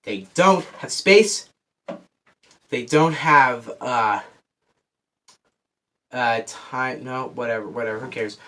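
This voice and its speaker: A man talks through a movie plot in a loose, rambling review, audibly short of breath. He keeps losing his place and restarting his sentences. His voice sits at a middle pitch for a man. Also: takes it slowly, long pauses, a bit bright. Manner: rambling, loses track and restarts. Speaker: film reviewer. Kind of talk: casual spoiler movie review.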